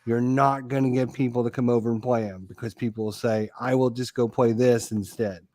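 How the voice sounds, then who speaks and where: A man's voice: medium pitch, fairly even intonation, a little fast, darkish tone, dry recording. An American man hosting a podcast, talking casually in an emphatic, joking way. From United States. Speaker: podcast host. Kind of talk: casual chat.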